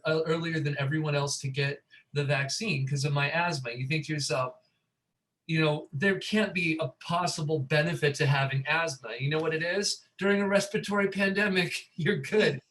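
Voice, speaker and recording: Sardonic joking man, slightly high voice. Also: normal speed, fairly bright tone, poor audio. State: slightly under the weather. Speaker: talk show co-host. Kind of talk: casual chat.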